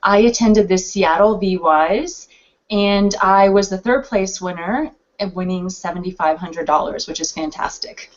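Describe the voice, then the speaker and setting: A woman's voice: mid-range voice, unhurried. A woman entrepreneur introducing herself on a panel in an upbeat manner. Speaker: entrepreneur, competition winner. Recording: muffled lo-fi recording.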